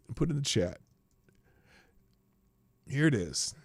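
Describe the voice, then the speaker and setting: A man's voice: on the high side, wildly swooping pitch, slow, gravelly, long pauses, fairly bright tone, no echo. A man hosting a casual livestream show, rambling, profane and flippant, tired and yawning as he talks.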